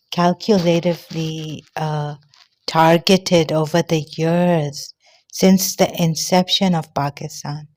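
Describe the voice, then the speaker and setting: A woman giving an earnest personal monologue, short of breath, halting and often trailing off softly. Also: sits low. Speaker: vlogger.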